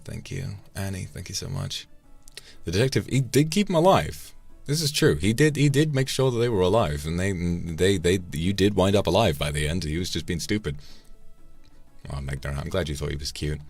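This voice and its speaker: A man's voice: deep voice, moderate pace, creaky, breathy edge. A man chatting casually on a live stream, reflecting aloud and thanking viewers by name between thoughts. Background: faint background music.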